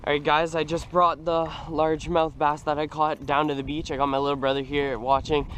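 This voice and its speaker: A young man in an outdoor fishing vlog, exclaiming as he talks from a kayak on open water, swinging between hushed murmurs and loud outbursts. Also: fairly high pitch, level tone, a little fast, a little hiss or hum. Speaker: fishing vlogger. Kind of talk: excited outdoor vlog commentary.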